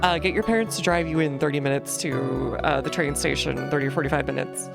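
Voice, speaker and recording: Brief: low, gravelly-voiced woman streamer from New Jersey, chatty and rambling over game music. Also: a little fast. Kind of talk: casual gaming commentary.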